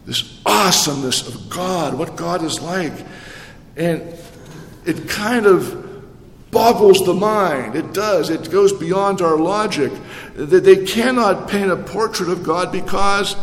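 A male pastor giving a sermon in a conversational way, with rhetorical questions and many restarts. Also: on the high side. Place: church. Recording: echoey church hall with long reverb.

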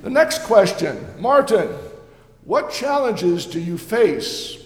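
A man's voice: high voice, sing-song, takes it slowly, exaggerated voice. An actor playing a jovial, ancient male Reformation preacher, giving an earnest, homely first-person sermon with playful asides in a church. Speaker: preacher in character. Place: church sanctuary. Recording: echoey church hall.

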